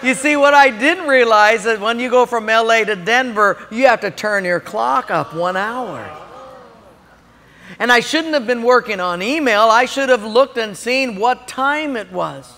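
A male pastor preaching a sermon, telling stories in an animated way and speaking directly to listeners. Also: extremely high pitch, a little slow, slight background noise. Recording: long hall reverb.

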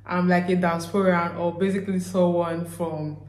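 A woman's voice: fairly low pitch, little pitch movement, moderate pace, darkish tone, roomy sound. A young Nigerian woman with a Nigerian accent, chatting casually to camera as a vlogger and saying "basically" often.

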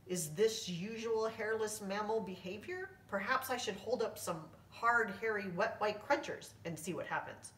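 A polite, precise stegosaurus professor who speaks with curious care, as a woman reads him aloud. His voice sits a little lower and softer than the reader's own. The sound is roomy and heard from a step away from the mic. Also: normal speed, hardly any pauses, slight background noise, close to an everyday voice. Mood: puzzled. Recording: echoey room, reader far from mic.

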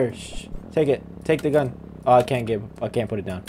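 A man's voice: mid-range voice, expressive, a little fast, darkish tone, a little hiss or hum. Teasing young man playing a game. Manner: teasing, talks back to the game characters. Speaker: gamer. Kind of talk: casual game commentary.

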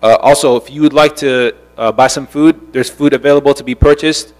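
A man's voice: medium pitch, fairly even intonation, brisk. Guy doing event announcements, lots of uhs, mid voice, echoey hall. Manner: casual, with many "uh" fillers. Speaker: event organizer.

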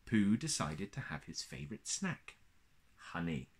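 A man reading a children's story aloud in a gentle, expressive way. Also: sits low, unhurried.

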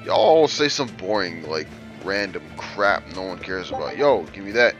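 A man's voice: low voice, very animated, moderate pace, fairly bright tone, dull audio, soft background music. A man hosting a casual let's play, brash and trash-talking as he reads game lines aloud and mocks them. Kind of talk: casual gameplay commentary.

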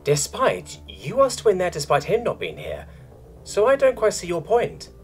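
A sly, stubborn young catlike alien woman, played by a male narrator talks in a teasing, cooing way. Her voice sits far above his own and swings widely in pitch. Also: wildly swooping pitch, moderate pace, faint music behind. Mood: irritated.

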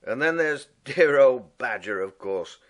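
A man voicing a cheerful, bossy male water rat in a storybook reading, brisk and fussy. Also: medium pitch, animated, pitched above the performer's own voice, close to an everyday voice. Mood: chatty.

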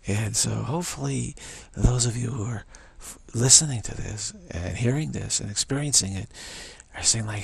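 In a mid-range voice with vocal fry and a breathy edge, a male spiritual teacher talks at normal speed. His monologue keeps repeating affirmations and now and then falls to a whisper.

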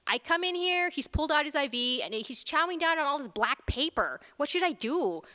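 A woman voicing a flustered young male hospital resident who talks high and anxious. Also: lively intonation, fairly quick, bright, forceful tone, heavily acted. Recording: reverberant lecture hall.

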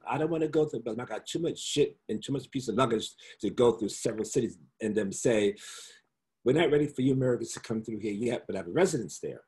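A middle-aged man, a guest in a casual interview over a video call, telling animated stories and slipping into the accents and voices of the people he quotes. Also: fairly low pitch. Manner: flamboyant, animated storyteller who slips into voices and accents.

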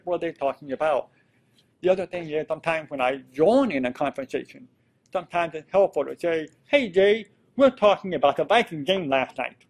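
A man with a somewhat high, husky voice speaks as a panelist. He explains things earnestly and lays out examples step by step. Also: darkish tone. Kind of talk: panel discussion remarks.

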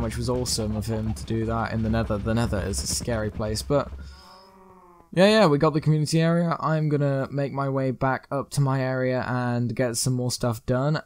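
A man's voice: medium pitch, no room sound. A young man chatting upbeat over his gameplay, now and then rambling a little. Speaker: gaming video host. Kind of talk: casual gameplay commentary.

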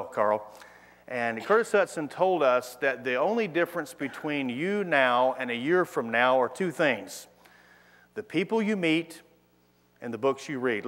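A middle-aged man preaching a sermon as pastor, telling stories in an animated way and acting out the voices of the people in them. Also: mid-range voice. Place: church sanctuary. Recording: long hall reverb.

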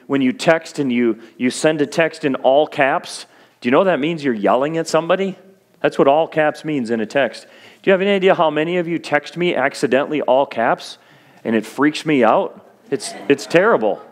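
A man preaching to his church as its pastor, his voice sitting a little higher than most men's. He speaks earnestly and encouragingly, and slips in plain, humorous asides to his listeners. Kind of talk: sermon.

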